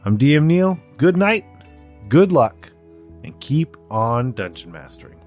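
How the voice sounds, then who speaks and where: A man hosts a casual podcast in his ordinary speaking voice, joking and restarting as he goes. His delivery is relaxed and loose, and a faint music bed plays underneath. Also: mid-range voice, unhurried. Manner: chatty, jokey, with frequent fillers and restarts. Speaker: podcast host. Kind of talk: casual podcast chat and outro.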